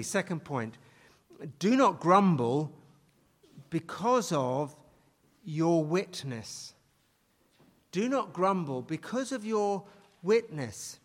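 A man preaches in a slow, measured, fairly high voice, and he leans hard on his key words and repeats them. His voice rings out with a long reverb, as in a large church. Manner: emphatic, repeats key phrases for stress. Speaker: pastor. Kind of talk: sermon.

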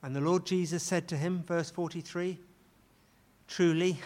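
A man's voice: sits high, steady tone, normal speed, a little mellow. A man preaching a sermon with dramatic emphasis. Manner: dramatic, acts out quoted pleas with rising intensity. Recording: long hall reverb.

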